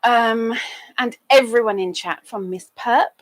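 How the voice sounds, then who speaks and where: This crafting livestream host talks in an unhurried way, and her audio has no echo. She's chatty, moving from small stories to greeting folks in the chat, punctuated by squeaky outbursts.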